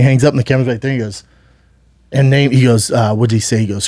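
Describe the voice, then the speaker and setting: A man's voice: mid-range voice, steady tone, rapid-fire, mellow, no room sound, clean studio sound. A man co-hosting a podcast, telling a long story in casual chat, rambling and acting out what people said, swearing freely. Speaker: podcast co-host.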